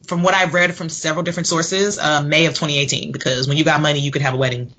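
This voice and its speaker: A woman's voice: low-pitched, steady tone, fast talker, noisy background. A woman co-hosting a podcast, playful and joking in casual chat. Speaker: podcast co-host.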